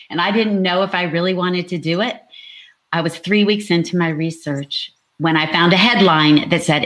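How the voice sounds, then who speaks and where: A woman, an author guest on a podcast, telling how her book began in a quick, laughing way. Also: lowish voice, fairly bright tone. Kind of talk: casual podcast chat.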